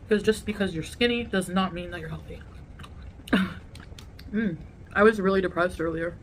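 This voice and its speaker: A woman vlogger chatting casually to her viewers while eating a meal, rambling and pausing to chew. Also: lowish voice, slight background noise. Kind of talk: casual eating vlog chat.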